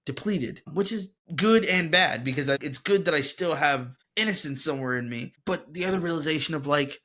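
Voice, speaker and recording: A fairly high-voiced man chats casually as a podcast co-host. His talk is rambling and animated, and he swears freely as he works through a point. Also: fairly quick.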